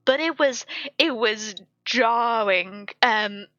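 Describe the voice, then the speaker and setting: Stream host, woman, bright tone, chatty and hesitant, full of fillers, lo-fi audio with soft music behind. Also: fairly high pitch, slow, dry recording. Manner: rambling, hesitant, many fillers and restarts. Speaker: book club streamer. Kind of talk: casual chat.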